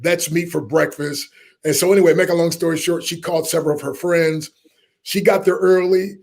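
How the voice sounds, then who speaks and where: A middle-aged man, a motivational speaker telling a lively story in an interview and acting out the people in it. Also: a little high, fast talker. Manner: animated storyteller, acts out quoted voices, laughs often.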